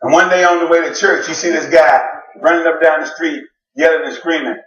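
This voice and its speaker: A man preaching a sermon, telling the story with jokes and sudden shouted exclamations. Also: a little high, fairly even intonation, fairly quick, highs cut off. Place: church sanctuary. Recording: roomy church sound from a distant mic.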